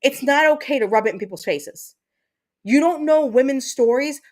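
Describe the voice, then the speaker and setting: A woman with a high voice hosts her own livestream. She talks straight to her viewers in an angry, blunt rant and swears freely. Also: expressive, normal speed, darkish tone. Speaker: livestream host.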